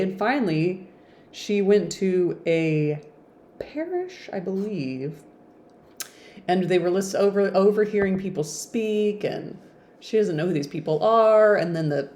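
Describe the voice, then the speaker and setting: A woman with a low, mellow voice reads a classic novel aloud at an easy pace. She keeps stepping out of the text for chatty, playful, self-deprecating asides, and the result feels like an informal audiobook. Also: animated, unhurried.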